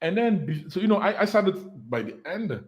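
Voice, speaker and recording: A high-pitched, sing-song male voice with a breathy edge comes through a solo livestream setup at normal speed. He is a spiritual life coach, talking casually and earnestly, with fillers and repeated words for emphasis.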